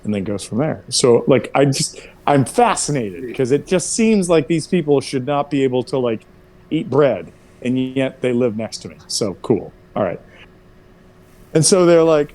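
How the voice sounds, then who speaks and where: Lively animated storytelling man. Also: normal speed. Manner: animated, profane, jumps to high-pitched quoted voices. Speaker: player chatting before a tabletop game session. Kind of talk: casual storytelling chat.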